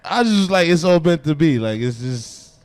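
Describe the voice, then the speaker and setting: A man hosting a loose, excitable radio chat and swearing freely. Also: on the high side, moderate pace. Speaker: radio host.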